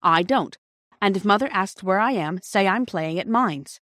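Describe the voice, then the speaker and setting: A woman's voice: mid-range voice, animated, normal speed, a bit bright, dry recording, clean studio sound, close to an everyday voice. A woman voicing a proud, secretive boy. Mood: lofty. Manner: lofty and indignant. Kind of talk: storybook read aloud.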